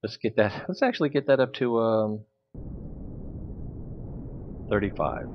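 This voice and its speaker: Guy streaming a game, lowish voice, jokes and thinks out loud, dull hissy lo-fi mic. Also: lively intonation, measured pace. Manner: chatty, jokey, thinks aloud while playing. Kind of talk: casual gameplay commentary. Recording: dull lo-fi stream audio with hiss.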